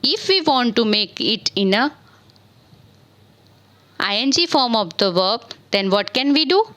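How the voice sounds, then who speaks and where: A woman's voice: fairly high pitch, a bit bright, poor audio. A woman teaching English grammar in a screen-recorded lesson. She spells words out letter by letter and asks questions that she answers herself. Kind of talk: slow spelling lesson on verbs.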